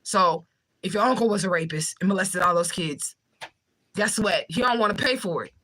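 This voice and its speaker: A young woman hosting a livestream, talking fast and bluntly with swearing while she reads out viewer comments. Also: lowish voice, animated, bright, forceful tone, poor audio. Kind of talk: fast casual livestream talk.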